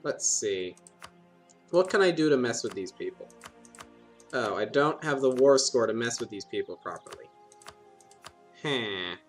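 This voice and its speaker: A man's voice: mid-range voice, lively intonation, a little slow, long pauses, soft background music. Man chatting playfully over a game. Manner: playful, rambling self-talk, often laughing to himself. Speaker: gaming video host. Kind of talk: strategy game commentary.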